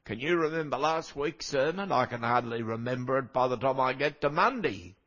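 A man's voice: medium pitch, expressive, normal speed, a bit bright, highs cut off. An older man preaching a sermon with a cold, speaking conversationally and making wry asides to the congregation. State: has a cold, coughing now and then.

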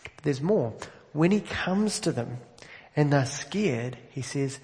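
A man's voice: on the high side, animated, unhurried, darkish tone. Man preaching in a reverberant church. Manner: conversational, asks the congregation direct questions. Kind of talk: sermon. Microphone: amplified microphone. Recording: long reverb of a large hall.

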